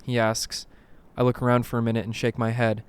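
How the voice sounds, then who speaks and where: A man reading creepy first-person stories aloud in a dramatic narration, dropping to a hush at tense moments. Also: mid-range voice, monotone, fairly quick, clean tone. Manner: dramatic, hushed at tense moments, bursts of alarm. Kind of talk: scripted horror story narration.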